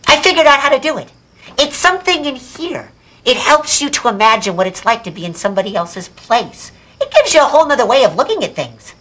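A woman's voice: sits high, sing-song, brisk, fairly bright tone, exaggerated voice. A woman voicing a cheerful, wide-eyed young alien exchange student in a children's video. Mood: thoughtful.

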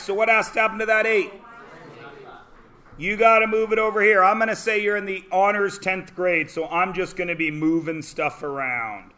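High, bright wisecracking math teacher. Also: male voice. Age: 40s. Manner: wisecracking, theatrical asides and bursts of shouting. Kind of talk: joking classroom lecture. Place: classroom.

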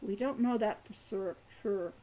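A woman reading aloud and voicing an earnest, kindly young man who speaks gently and reasonably. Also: sits high, unhurried.

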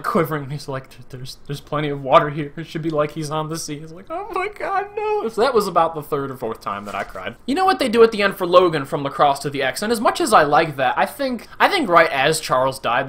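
A man giving an excited casual movie review, gushing and acting out scenes in little voices. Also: fairly high pitch. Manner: animated, gushing, acts out quotes in voices.

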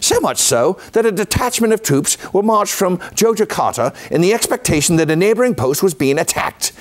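A man's voice: high-pitched, very animated, brisk, pitched above the performer's own voice. A man putting on a shaky Cockney British officer. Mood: formal. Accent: put-on Cockney, self-admittedly poor. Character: British officer quoted in a mock Cockney accent.

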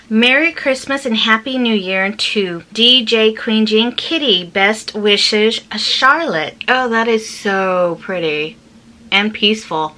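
A woman's voice: on the high side, takes it slowly, sharp tone. A woman vlogger reading viewers' holiday cards aloud in casual chat, gushing and gasping with delight. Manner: gushing, gasps and exclaims often.

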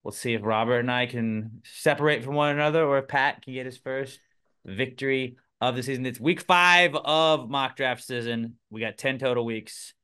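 A young man hosting a casual podcast chat, jokey and animated, jumping between loud bursts and low mutters. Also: moderate pace, clean tone. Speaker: podcast host.

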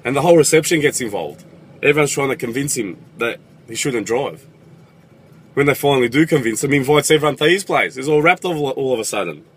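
A man's voice: medium pitch, expressive, fast, slightly rough. A young man with an Australian accent, telling sarcastic, sweary comedic stories in a vlog.

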